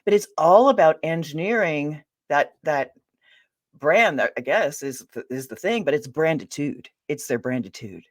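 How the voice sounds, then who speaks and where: A woman author being interviewed, chatty and quick to laugh, restarting her sentences as she explains her work. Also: low-pitched, lively intonation. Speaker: ghostwriter and author, interview guest. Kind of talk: casual interview answers.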